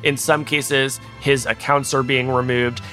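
A man, a tech journalist, explaining events in a measured way as an interview guest. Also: mid-range voice, flat delivery, pushed and bright, faint music behind.

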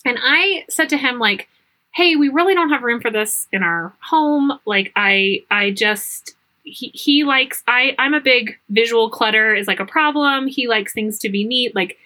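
A woman's voice: a little high, expressive, measured pace, sharp tone. A woman co-hosting a podcast, chatting casually and laughing easily. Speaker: podcast co-host. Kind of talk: casual chat.

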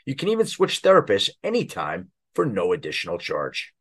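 A man reading a sponsor advertisement on a podcast, smooth and measured. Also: low voice, wildly swooping pitch, fairly bright tone. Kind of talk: read advertisement.

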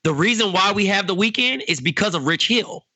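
Bright, slangy young-sounding guy. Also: sits high, animated, normal speed, no room sound. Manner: slangy, laid-back storytelling. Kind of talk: casual podcast chat.

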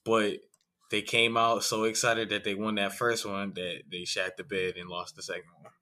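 A man co-hosting a podcast who reacts excitably to football scores and laughs a lot. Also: fairly low pitch, normal speed. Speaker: podcast co-host. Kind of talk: casual sports chat.

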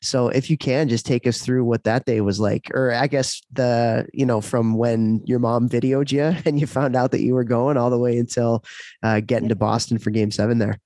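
A man hosting a podcast, asking questions in a relaxed, conversational way. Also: medium pitch, normal speed, no room sound. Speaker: podcast host. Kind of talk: interviewing on a podcast.

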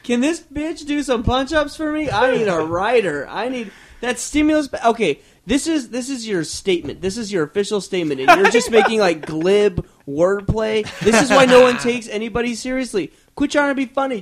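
A man's voice: high-pitched, expressive, normal speed, few pauses. A man guesting on a comedy podcast, riffing bluntly with crude jokes. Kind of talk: casual comedic chat.

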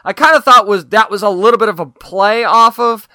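A man with a high, bright voice co-hosts a podcast, gushing with enthusiasm in a casual chat. The recording is dry, with no room sound. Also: a little fast, dry recording. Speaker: podcast co-host. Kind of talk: casual chat reviewing a TV show.

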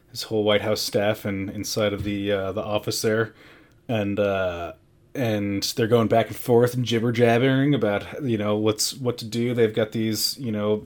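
A man's voice: fairly low pitch, a little mellow. A man co-hosting a basketball podcast, chatting casually in a jokey, meandering way. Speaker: podcast co-host. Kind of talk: casual sports chat.

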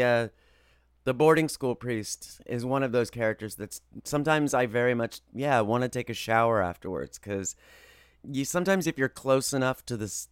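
A man who works as a voice actor, telling stories in an interview in a lively, expressive way. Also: medium pitch, clean tone, dry recording, clean studio sound. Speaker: voice actor guest. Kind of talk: animated interview storytelling.

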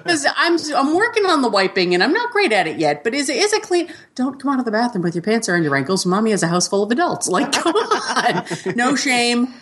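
A woman's voice: a little high, brisk. A woman co-hosting a parenting podcast, chatting casually and acting out the people in her stories. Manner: animated storyteller, acts out quotes. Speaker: podcast co-host. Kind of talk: casual chat.

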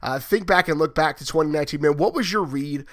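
A man's voice: on the high side, fast. A man hosting a sports podcast, chatty and joking, who asks long rambling questions. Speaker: podcast host. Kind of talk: casual sports podcast chat.

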